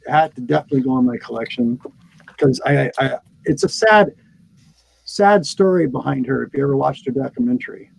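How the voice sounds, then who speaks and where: A man's voice: medium pitch, animated, brisk, vocal fry, husky, poor audio. A man chatting enthusiastically in a casual group video chat, showing off items from his comic collection. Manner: enthusiastic, friendly. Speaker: guest collector.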